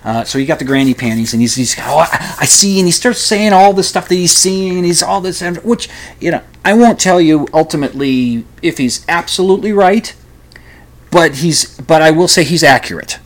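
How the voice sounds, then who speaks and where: A man's voice: a little high, lively intonation, normal speed. A man casually reviewing a film, rambling and skeptical, trailing off often. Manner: rambling, skeptical, many fillers and restarts.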